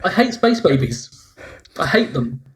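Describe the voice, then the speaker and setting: A man's voice: high voice, sing-song, a little slow. A man co-hosting a casual review podcast, exasperated and dramatic as he rants. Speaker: podcast co-host.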